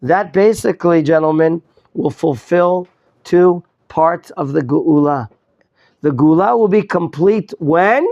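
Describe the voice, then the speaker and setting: A man's voice: fairly high pitch, takes it slowly, a little mellow, muffled recording. A male rabbi teaching a Torah class, quizzing his students, repeating his questions and mixing in Hebrew terms. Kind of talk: interactive Torah lesson.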